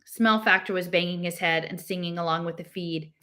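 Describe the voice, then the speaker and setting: A woman reading a novel aloud, lifting her pitch and voice for the characters' lines. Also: steady tone, a little fast, few pauses, sharp tone. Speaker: reader.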